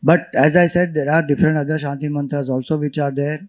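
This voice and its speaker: A man with an Indian English accent giving an unhurried scriptural lecture, explaining Vedic chants as a spiritual teacher. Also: a little high, steady tone, rough recording.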